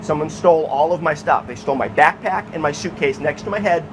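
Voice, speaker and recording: Brief: high-voiced man, heated and profane, telling his side over loud background noise. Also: brisk. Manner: agitated, profane, insistent. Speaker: homeless activist telling his story. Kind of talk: recounting events to an official.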